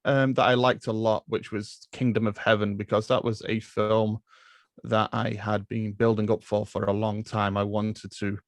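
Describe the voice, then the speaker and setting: A man from England, guesting on a podcast, talks casually about films in a lowish voice with little pitch movement at normal speed. His speech is hesitant, with many fillers and restarts, and he laughs a lot. No echo is heard.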